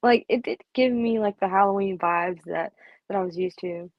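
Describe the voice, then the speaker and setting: Female streamer, casual and playful, mid-pitched, muffled dry mic. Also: moderate pace, dry recording. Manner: chatty, playful, reads and answers chat. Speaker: livestream host. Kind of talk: casual live chat.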